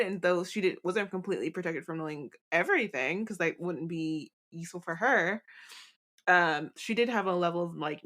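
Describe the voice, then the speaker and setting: Woman co-host, a bit low-pitched, reflective, conversational. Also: a bit bright. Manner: reflective, personal anecdotes. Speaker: podcast co-host. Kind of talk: casual book discussion.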